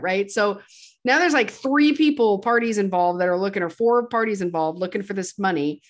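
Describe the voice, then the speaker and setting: A woman's voice: mid-range voice, fairly quick. A woman retelling a film plot in casual chat, quoting characters and laughing now and then. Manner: chatty retelling with quoted lines and laughs. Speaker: podcast co-host.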